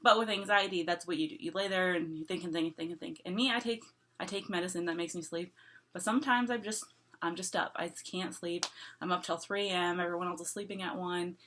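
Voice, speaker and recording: Woman, vlogger, casual rant, bright tone, chatty, repetitive, fillers. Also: fairly low pitch, fairly even intonation, fast, a little hiss or hum. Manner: chatty, repeats herself, frequent "like", laughs between thoughts. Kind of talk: casual rambling rant to camera.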